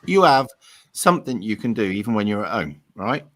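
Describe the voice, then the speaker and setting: A man's voice: lowish voice, big pitch swings, fairly quick, a bit bright. A Welsh man hosting a casual pub chat, blunt and matey, swearing casually. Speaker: host.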